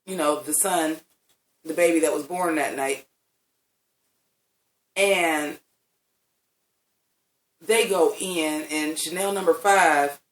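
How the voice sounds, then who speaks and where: A man giving a casual, animated and profane review of a TV episode, talking with the ease of a chatty vlogger. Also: sits high. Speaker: TV recap vlogger. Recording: roomy sound from a distant mic.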